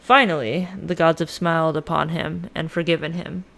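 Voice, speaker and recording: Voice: medium pitch, level tone, moderate pace, vocal fry, fairly bright tone. A podcast host casually retelling a myth with lots of swearing and modern slang. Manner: profane, slangy, irreverent.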